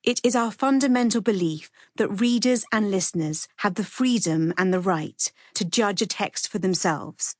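A woman narrating a formal publisher's note in a measured, scripted reading. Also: medium pitch, no echo, clean studio sound.

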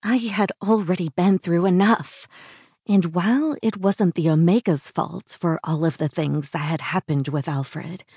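Slow gravelly low-voiced woman narrator. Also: no room sound, studio quality. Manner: slow, drops into hushed whispers. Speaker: audiobook narrator. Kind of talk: first-person audiobook narration.

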